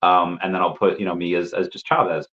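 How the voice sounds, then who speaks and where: Casual male streamer with a lowish voice who rambles and laughs, coughing as he recovers; dull lo-fi audio. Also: little pitch movement, a little fast, a bit bright, a little hiss or hum. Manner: rambling, laughs often, repeats words. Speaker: livestream host answering chat. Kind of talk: casual live chat.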